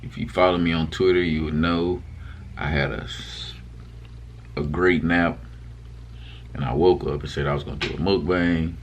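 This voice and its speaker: A man's voice: low-pitched, fairly even intonation, moderate pace, pauses often, slight background noise. A young man chatting casually to his viewers in a vlog, rambling loosely with lots of fillers and restarts. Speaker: vlogger. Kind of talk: casual mukbang chat to camera.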